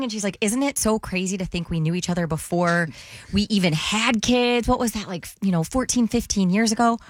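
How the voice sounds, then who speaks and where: A woman co-hosting a morning radio show, telling a lively story and acting out the voices of the people in it. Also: medium pitch, a little fast, no room sound, clean studio sound. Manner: animated storytelling, acts out quotes. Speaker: radio co-host.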